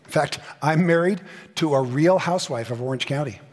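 A man's voice: a little high, a little fast, noisy background. A middle-aged man preaching a conference sermon with punchy, comic asides and mock voices. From Southern California. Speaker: pastor. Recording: long hall reverb.

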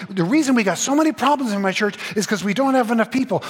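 A man's voice: very high-pitched, animated, fast talker, hardly any pauses, husky. A middle-aged man preaching a conference sermon with punchy, comic asides and mock voices. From Southern California. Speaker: pastor. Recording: long hall reverb.

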